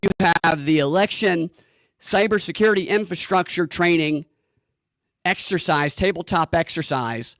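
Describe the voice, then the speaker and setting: A man with a fairly high voice hosts a solo political commentary, sarcastic and emphatic, often stumbling over and repeating words. The sound is dry and close, with no room around it. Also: normal speed, fairly bright tone, no echo.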